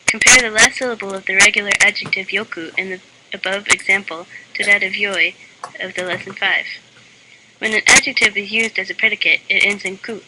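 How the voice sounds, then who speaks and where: Deadpan woman reading a mock lesson. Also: mid-range voice, fairly quick. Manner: deadpan, flat-voiced delivery. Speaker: lesson narrator. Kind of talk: mock language lesson reading with joke asides. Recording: loud constant background hiss.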